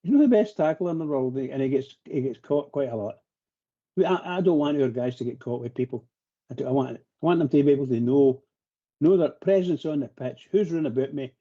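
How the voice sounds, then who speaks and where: A man's voice: medium pitch, brisk, dark tone. Fired-up man on a muffled line. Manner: passionate, rambling, repeats himself. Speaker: phone-in pundit. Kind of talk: live radio phone-in chat.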